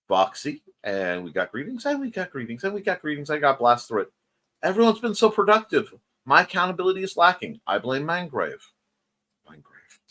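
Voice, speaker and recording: A man hosting a casual morning livestream, chatting with viewers and reading out their comments with quick asides. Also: a little high. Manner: lively, chatty, quick asides and self-corrections. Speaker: morning show host.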